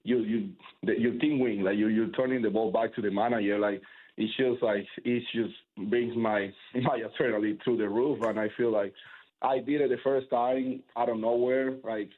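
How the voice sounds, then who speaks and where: A man's voice: mid-range voice, steady tone, moderate pace. Man on a tinny phone-like line. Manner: rambling with many fillers and restarts. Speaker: professional baseball pitcher. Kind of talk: casual interview answers.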